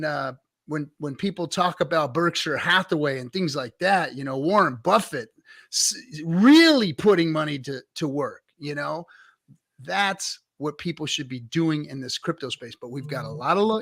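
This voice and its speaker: A man's voice: on the high side, fairly bright tone. A man co-hosting a casual crypto chat show, talking bluntly and with profanity while he lectures about investing. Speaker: podcast co-host.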